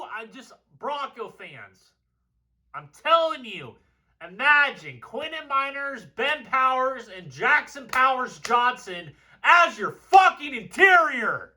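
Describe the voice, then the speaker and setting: Male film analyst, high bright voice, hot-headed and profane, breaking down game tape. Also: takes it slowly. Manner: excitable, profane, gets fired up.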